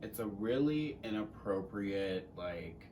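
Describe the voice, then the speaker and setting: A man's voice: lowish voice, animated, takes it slowly, a little mellow, recorded from a distance, a little hiss or hum. A teenage man co-hosting a casual Q&A chat, rambling and joking with some swearing. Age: teens. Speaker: co-host.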